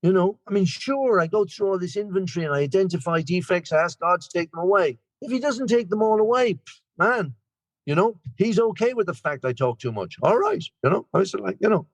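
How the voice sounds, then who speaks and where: Speaking with an Irish accent over a video call, a man in his sixties from Ireland rambles through his share at a recovery meeting as guest speaker, chatty and self-deprecating. His high voice has lively intonation, a fairly quick pace, and no echo.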